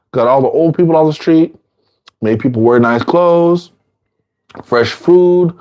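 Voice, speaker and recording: A man giving an informal dharma talk, casual and repetitive, sometimes acting out quoted people in a higher voice. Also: unhurried, long pauses, a little mellow. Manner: casual, repeats phrases, acts out quotes in a high voice. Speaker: dharma teacher.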